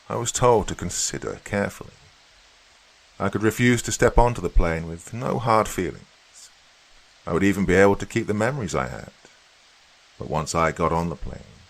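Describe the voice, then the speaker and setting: A man narrating a first-person horror story in a steady storytelling delivery. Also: low voice, gravelly, rough recording.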